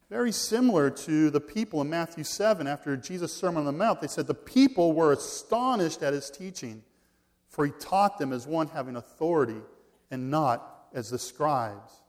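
A man preaching an expository sermon, reading scripture aloud. He stresses his points, repeats key phrases and swings between loud emphasis and quiet drops. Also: a little high, expressive, moderate pace.

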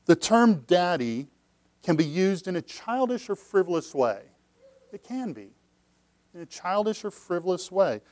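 An earnest male pastor delivering a sermon in a somewhat high voice, recorded close and dry. He restarts and repeats phrases, sinking into hushed, low passages before rising into loud, emphatic cries. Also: very animated, unhurried, no room sound.

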